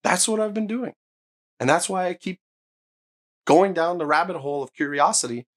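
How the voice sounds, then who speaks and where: With a high voice at normal speed, a man on his own hi-fi channel reviews a speaker directly to camera. He's enthusiastic and emphatic, and he swears when he gets excited.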